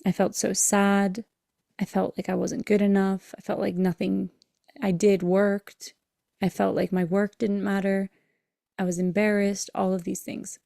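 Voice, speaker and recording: A woman's voice: medium pitch, level tone, measured pace, vocal fry, warm tone, no room sound, studio quality. A woman hosting a podcast, telling an emotional personal story in an earnest way and acting out the dialogue in it. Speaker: podcast host and breathwork coach.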